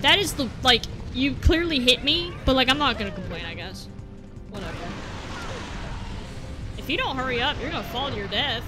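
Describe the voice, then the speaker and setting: A young woman commentating a platform game as a let's play host, exasperated and breaking into shouty outbursts, over game music. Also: high voice, expressive, normal speed, pauses often. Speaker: gaming channel host.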